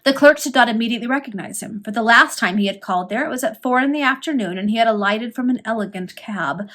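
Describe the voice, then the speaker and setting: A woman reading a Victorian serial novel aloud, storytelling with lively emphasis. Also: medium pitch. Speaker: reader.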